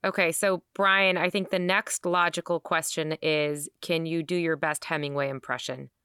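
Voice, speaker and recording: A woman with a low, bright and crisp voice hosts a news podcast. She asks questions in a lively, bantering way. Her sound is dry and close. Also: normal speed, dry recording. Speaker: host.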